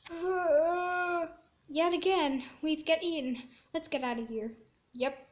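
A woman giving chatty gameplay commentary, squeamish and quick to exclaim in disgust. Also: very high voice, steady tone. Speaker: gaming video creator.

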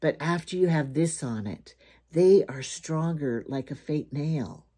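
Older woman, mellow voice, rambling casual vlog chat, jokey. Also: deep voice, animated, unhurried, breathy edge. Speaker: vlogger.

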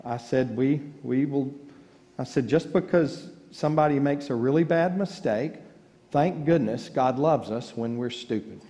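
A man's voice: mid-range voice, measured pace, warm tone. A man preaching a sermon as pastor, telling folksy stories and joking with the congregation. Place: large church sanctuary. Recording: church livestream with long reverb.

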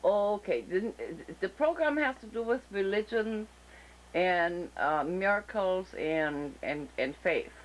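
A woman with a German accent hosting a casual interview show over a video call, talking slowly and deliberately with many fillers and restarts. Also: mid-range voice, animated, rough recording. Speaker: talk show host.

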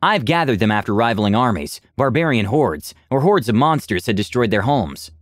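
A cold lizard-folk gentleman speaks in a silky, measured voice with lively pitch movement, as a man voices him. The sound is dry and close, with little room around it. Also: no room sound, lightly acted. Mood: calm. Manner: measured, composed.

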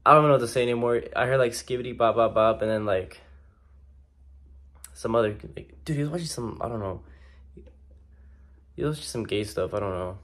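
A man's voice: mid-range voice, fairly quick, long pauses, a bit bright. A young man ranting in a casual, slangy way, exasperated and swearing a lot. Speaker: vlogger. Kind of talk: casual rant to camera.

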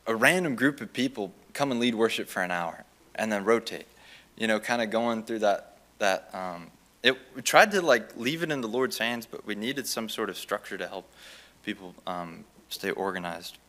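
A young man giving a chapel testimony as a student, telling his story in an animated way and acting out the lines of the people in it. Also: fairly low pitch, normal speed. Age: young adult. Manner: animated, acts out quoted dialogue.

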